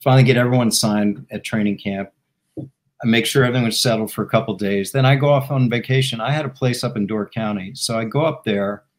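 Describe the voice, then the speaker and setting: A middle-aged man, a former football team executive, telling a story as a guest and acting out the dialogue. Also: on the low side. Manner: animated anecdote teller who acts out the dialogue. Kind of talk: storytelling in a talk show interview.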